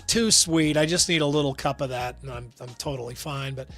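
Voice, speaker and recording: A man's voice: medium pitch, a little fast, a bit bright, soft background music. A man chatting playfully on a casual sports talk show. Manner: playful, jokey. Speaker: radio show regular.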